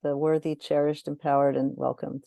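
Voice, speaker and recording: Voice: medium pitch, flat delivery, normal speed, vocal fry, dark tone. An interview host reading out a viewer's question from the chat. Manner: brief, encouraging interjections.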